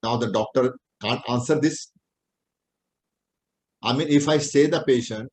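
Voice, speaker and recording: A man's voice: medium pitch, a little slow, long pauses, poor audio. A middle-aged man with an Indian accent, a homeopathic doctor teaching a class in plain, repetitive English. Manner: plain-spoken, repetitive explaining, non-native English phrasing. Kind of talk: lecture.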